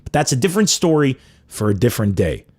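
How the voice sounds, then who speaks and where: Animated comedian man from Lebanon. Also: mid-range voice, fast. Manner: animated, profane, emphatic. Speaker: comedian host. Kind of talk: comedic storytelling.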